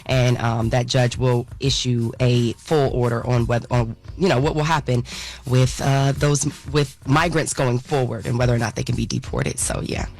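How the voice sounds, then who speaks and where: A man's voice: medium pitch, fairly even intonation, normal speed, creaky. A man co-hosting a morning radio show, reading the news in a loose way with lots of fillers.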